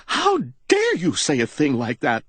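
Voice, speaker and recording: A man's voice: huge pitch swings, unhurried, slightly rough, no echo, heavily acted. A man putting on a trembling, tearful young wife. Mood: distraught. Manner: high, trembling, near sobbing. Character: distraught young society wife, fragile and tearful.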